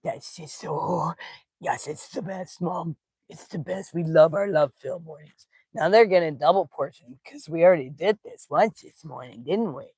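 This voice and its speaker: A woman's voice: low voice, moderate pace, a little mellow, breathy edge, no room sound. Cooing woman baby-talking her dogs. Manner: affectionate baby talk with pets, cooing. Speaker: spiritual teacher and vlogger. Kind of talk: casual home vlog talking to her dogs. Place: at home on a couch.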